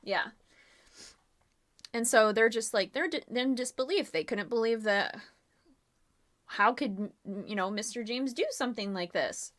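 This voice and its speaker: A woman's voice: a little high, a little slow, pauses often, fairly bright tone. A woman streamer narrating a murder mystery game live, in a chatty style with many fillers.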